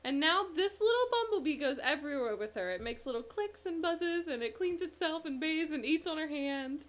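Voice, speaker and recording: A woman's voice: high voice, lively intonation, brisk. A woman co-hosting a casual podcast, reading out news stories and giggling often. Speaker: podcast co-host. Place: small room at a table.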